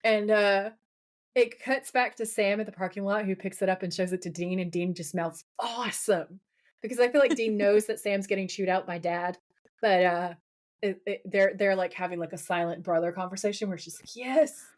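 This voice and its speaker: A woman co-hosting a podcast in casual chat, recapping a TV episode with lively, laughing quotes of the characters. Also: mid-range voice, brisk. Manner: animated, laughing, quoting characters in playful voices.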